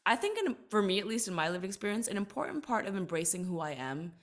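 Her medium-pitched voice swings widely in pitch as she speaks. She's a woman in her thirties, an entertainer and author, giving an earnest, reflective podcast interview and emphasizing things readily.

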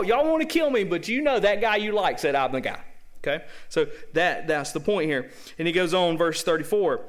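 A man's voice: on the high side, fairly bright tone. A man with a Southern accent preaching a sermon as pastor, in a folksy, conversational way full of rhetorical questions.

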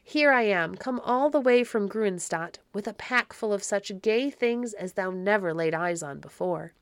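A crafty one-eyed peddler sweet-talks his way along in old-fashioned speech, read by a woman. The storybook voice sits at a middling pitch. It is recorded dry and close. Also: expressive, a little slow, no echo. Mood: wheedling. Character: sly one-eyed male peddler, wheedling.

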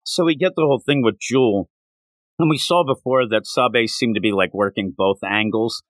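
A man hosting a podcast, recapping a comic in casual, rambling, animated chat with lots of filler words. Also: mid-range voice, moderate pace, no echo. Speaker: podcast host.

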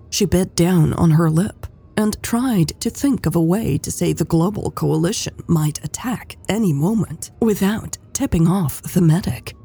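A woman narrating a romance audiobook in a slow, measured reading. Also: on the low side, vocal fry, dark tone, husky, soft background music. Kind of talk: scripted narration.

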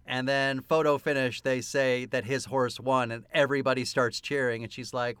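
A man co-hosting a podcast, excitedly retelling a film scene by scene with lots of laughter, in casual chat. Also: mid-range voice, normal speed, few pauses, clear, resonant tone, dry recording. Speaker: podcast co-host.

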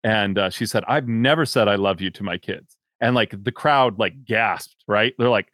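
A male host with a lowish voice chats casually, circling his point with "like" and "um". The sound is dry and close. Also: moderate pace, hardly any pauses, a bit bright, no echo. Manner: rambling, many fillers and restarts. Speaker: podcast host. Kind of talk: casual interview conversation.

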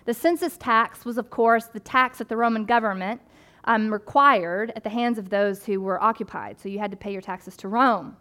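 A woman's voice: fairly high pitch, moderate pace. Woman pastor preaching conversationally. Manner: conversational, animated preaching with asides and playful voices. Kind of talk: sermon.

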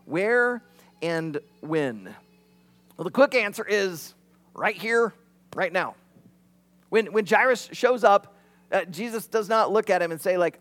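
A man preaching a sermon as pastor, animated, and acting out the quotes he retells. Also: sits high, slow, pauses often.

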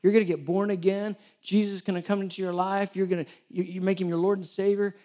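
Man, preacher, lively storytelling sermon, slightly high voice. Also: fast talker. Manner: animated storytelling, acts out dialogue, jokes with the congregation. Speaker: church director preaching.

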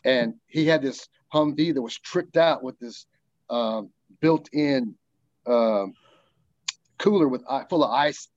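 A man, a military veteran, telling a story in casual chat, animated and profane as he acts out the dialogue. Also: mid-range voice, takes it slowly, dry recording, lo-fi sound.

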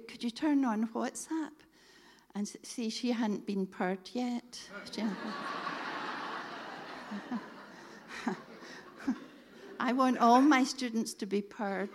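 A middle-aged woman telling a lively faith story to a church audience, acting out the dialogue. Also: fairly high pitch, slow pace, long pauses, background noise. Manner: lively, animated storytelling, quoting others in dialogue. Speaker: speaker telling a testimony.

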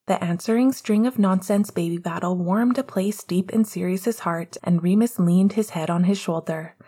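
Soft-spoken woman reading a story aloud. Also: on the low side, normal speed, slightly rough. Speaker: reader. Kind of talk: fan fiction audiobook narration.

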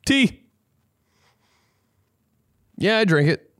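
A man hosting a comedy podcast, ranting casually with lots of swearing, rambling restarts and sudden loud mocking voices. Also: sits high, very animated, extremely slow, no room sound, clean studio sound.

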